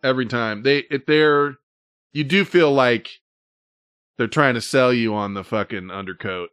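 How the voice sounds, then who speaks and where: A man's voice: mid-range voice, unhurried, a bit bright, clear, resonant tone, dry recording. Grumbling, profane man, dry close sound. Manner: profane, grumbling about pet peeves. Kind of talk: casual chat.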